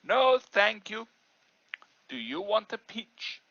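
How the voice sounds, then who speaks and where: A woman teacher playing a guessing game with a child, asking gentle, drawn-out questions. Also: medium pitch, big pitch swings, dry recording, muffled recording. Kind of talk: classroom play with a child.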